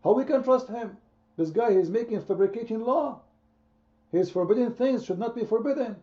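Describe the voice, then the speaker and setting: A man's voice: very high-pitched, fairly quick, muffled recording. A man hosting a heated online debate, speaking emphatically, repeating his points and quizzing his listeners. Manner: emphatic, repetitive, quizzing the audience. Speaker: debate host.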